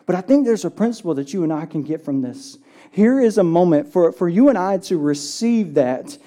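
Mellow-voiced pastor preaching conversationally. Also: medium pitch, lively intonation. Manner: conversational, often checks in with "right?"; reads scripture slowly and deliberately. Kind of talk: sermon.

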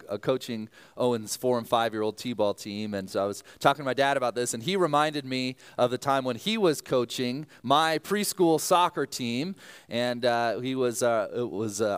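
Man, 30s, pastor, sermon, smooth resonant voice, mid pitch, earnest and animated. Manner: earnest prayer, then animated storytelling with fillers.

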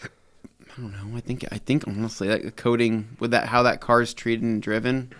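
A man co-hosting a podcast, telling stories in a rambling, animated way with lots of fillers. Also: medium pitch, normal speed. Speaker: podcast co-host. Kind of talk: casual chat.

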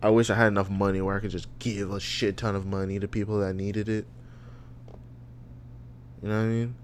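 A man's voice: lowish voice, flat delivery, a little fast, a little hiss or hum. A young adult man hosting a solo podcast, ranting and rambling with lots of profanity. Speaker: podcast host.

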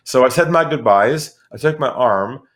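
A middle-aged man from California, a guest on an interview podcast, telling a sales story in a lively, animated way. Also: mid-range voice, normal speed. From San Diego, California. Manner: animated storyteller who acts out quoted voices. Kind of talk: conversational storytelling.

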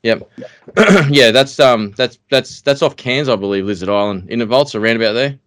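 Rambling Australian podcast host, dry close sound. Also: male voice, mid-range voice, moderate pace, a bit bright, no echo. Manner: rambling, hesitant questions full of fillers. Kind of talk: casual interview.

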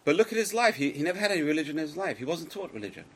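A man giving a Torah lecture to a live class, speaking emphatically, swinging between loud exclamations and quiet asides, and putting questions to his listeners. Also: fairly high pitch, very animated, very fast, a little hiss or hum, rough recording. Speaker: Torah teacher.

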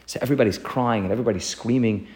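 A man teaching a Torah lesson, telling a story in an earnest, animated way and often repeating himself. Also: mid-range voice, rapid-fire.

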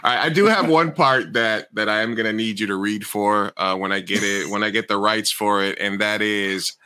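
Older man hosting, bright dry voice. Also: on the low side, moderate pace, dry recording. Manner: joking, rambling. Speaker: podcast co-host. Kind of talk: casual interview chat.

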